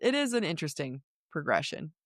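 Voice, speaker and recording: A woman co-hosting a book podcast in casual chat, animated and laughing often as she talks through passages. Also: low-pitched, brisk, no room sound, clean studio sound. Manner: animated, laughs often, reads quotes aloud. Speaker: podcast co-host.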